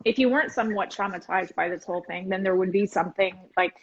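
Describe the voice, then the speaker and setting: A woman's voice: mid-range voice, quick pace, highs cut off, crowd noise. A woman in an interview from her home, chatty and upbeat, acting out little quotes as she talks. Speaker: entertainment correspondent, guest. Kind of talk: casual interview chat.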